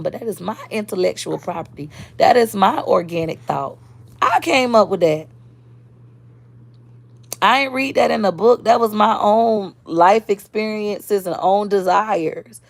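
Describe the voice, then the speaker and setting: A woman's voice: medium pitch, no room sound. A woman, talking casually and bluntly on a live stream as a social media creator, answering viewer comments.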